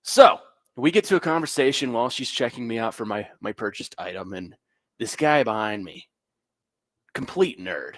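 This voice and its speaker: In a studio sports radio show, a young adult co-host spins sarcastic, animated stories thick with filler words. His voice is mid-range at a moderate pace, and there's no echo.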